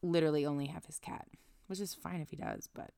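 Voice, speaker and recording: Young woman, podcast co-host, low gravelly voice in a dry booth, chatty plot recap. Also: fairly even intonation, quick pace, warm tone, no echo. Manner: chatty, recaps plot with quoted asides and frequent "like". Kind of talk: casual book discussion.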